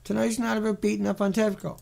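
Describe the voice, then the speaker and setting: A man's voice: high-pitched, little pitch movement, fast, gravelly, darkish tone. A man giving sarcastic, ranting commentary on a series of pictures, mocking and repetitive in his delivery. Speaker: video commentator.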